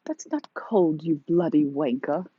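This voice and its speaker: Cranky old british lady scolding you, a woman faking it, low and husky, kinda dull lo-fi sound. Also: a little slow, no echo. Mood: scornful. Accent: put-on British. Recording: slightly dull lo-fi recording.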